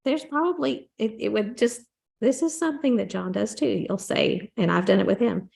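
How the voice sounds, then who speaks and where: A woman's voice: on the high side, moderate pace, vocal fry, a little mellow. A woman co-hosting a casual faith-based talk show, telling stories in a rambling way with repeated words and acted-out quotes. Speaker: podcast co-host. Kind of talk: casual chat.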